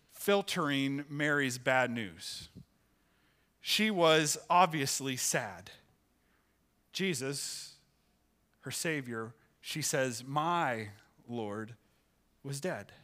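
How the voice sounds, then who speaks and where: Male pastor, sermon delivery, expressive storyteller, bright tense tone. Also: slow, pauses often. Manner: expressive, pitch rises for acted quotes. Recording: church sanctuary, live sermon.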